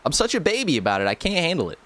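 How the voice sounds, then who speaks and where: Racing along with huge pitch swings, a man's fairly high, fairly bright voice carries this casual live gameplay stream. He's from rural America, joking, rambling, and talking to chat, with faint music behind him.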